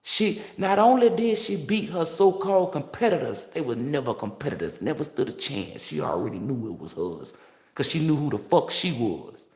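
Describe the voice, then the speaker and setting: A woman's voice: a bass voice, very animated, moderate pace, a little mellow, reverberant. A woman tarot reader giving casual, motivational commentary in a brash, preachy, profane and playful manner.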